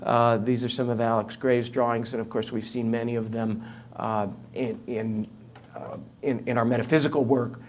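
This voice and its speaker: A man in his seventies with a New York accent appears as an author and guest speaker, spinning humorous anecdotes in an interview. His medium-pitched voice moves little in pitch and keeps a moderate pace, his talk is conversational with fillers, and there's a slight hiss or hum on the recording.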